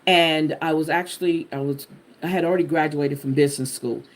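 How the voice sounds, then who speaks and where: A woman host telling a personal testimony to her viewers in an animated, expressive way, talking to them directly. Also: low-pitched, brisk. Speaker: channel host sharing a personal story.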